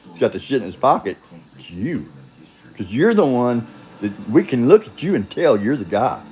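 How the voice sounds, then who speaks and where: A man's voice: mid-range voice, very animated, moderate pace, darkish tone, lo-fi sound. Blunt, profane older man rambling. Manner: blunt, profane, chuckling, drifts off on tangents. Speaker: vlogger telling his own story. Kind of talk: rambling casual monologue.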